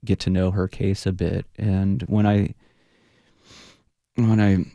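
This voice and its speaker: Deep, gravelly and dark-toned, the voice belongs to a Buddhist teacher who fronts a punk band, speaking slowly in a level tone. He's earnest in a reflective radio studio interview, often trailing off and starting over as he reaches for words, with no room sound audible.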